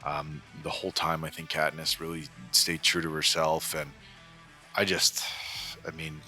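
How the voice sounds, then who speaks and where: Faint music plays behind a very deep, level, bright and forceful male voice speaking a little slowly. He's in his forties, hosting a movie reaction in an earnest, casual way, often using fillers and starting over.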